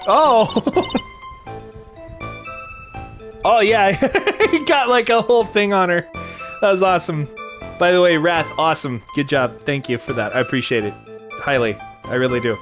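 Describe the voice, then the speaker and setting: A man's voice: high-pitched, a little slow, long pauses, a bit bright. A man hosting a let's play, chatting casually and laughing easily. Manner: laughing, easygoing. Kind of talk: casual gameplay commentary. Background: game music.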